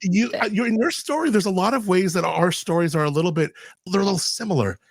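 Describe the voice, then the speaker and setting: A man hosting a casual podcast interview, chatty and animated as he tells stories with quoted dialogue. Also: high-pitched, fast talker, gravelly, slightly rough, no echo, clean studio sound. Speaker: podcast host.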